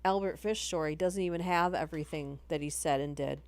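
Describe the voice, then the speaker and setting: Her voice is deep and fairly quick. A woman chats on a live stream between horror story readings, rambling as she goes and frequently interrupting herself.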